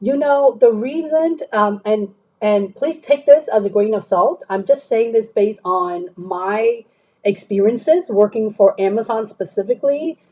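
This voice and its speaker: A woman career coach talks through viewer questions on a live stream. Her voice is mellow and a little husky, and she keeps pausing to ask "okay?" and "right?" in a chatty, direct way. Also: medium pitch, poor audio.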